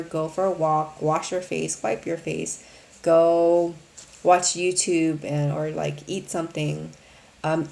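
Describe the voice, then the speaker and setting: A woman's voice: on the low side, creaky, a little mellow. A woman hosting a live Q&A, speaking earnestly to her viewers in a rambling way, full of "um" and "you know". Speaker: host of a live Q&A stream. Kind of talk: candid casual talk to viewers.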